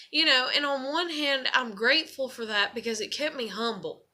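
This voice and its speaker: A woman's voice: on the high side, moderate pace, hardly any pauses, bright, forceful tone. A young woman, venting in a rambling, emotional and frank monologue. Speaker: vlogger.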